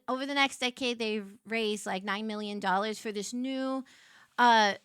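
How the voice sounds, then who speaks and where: A woman streamer telling a story to her live chat, animated and quick to get loud when excited. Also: on the high side, smooth, no echo, studio quality.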